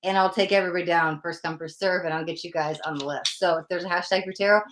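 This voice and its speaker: A woman's voice: fairly low pitch, steady tone, fast talker, noisy background. A woman hosting a live tarot stream who chats casually with viewers, often giggling and poking fun at herself. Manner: giggly, chatty, self-deprecating. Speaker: livestream tarot reader. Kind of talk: casual livestream chat.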